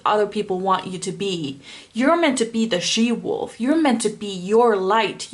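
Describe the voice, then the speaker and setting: Woman tarot reader, mid-pitch voice, unhurried pace, blunt and impassioned, swears, addresses the viewer directly. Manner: speaks straight to the viewer. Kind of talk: pick-a-card tarot reading.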